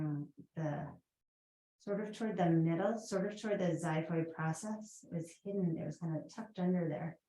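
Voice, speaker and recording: A woman's voice: lowish voice, a little mellow, roomy sound, low-quality recording. A woman with a Boston accent teaching a guided yoga class, chatty, with rambling asides and fillers.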